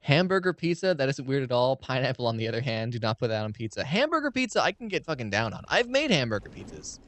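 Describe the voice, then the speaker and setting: His mid-range voice comes fast as this young American let's play streamer rambles and swears freely, delivering excitable, profane commentary on his game. There is slight background noise.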